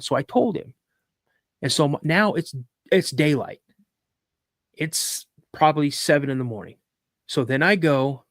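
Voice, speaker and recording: A man's voice: a little high, expressive, measured pace, long pauses, fairly bright tone, no echo, studio quality. A man hosting a live podcast, retelling a personal story vividly with frequent restarts. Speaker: podcast host.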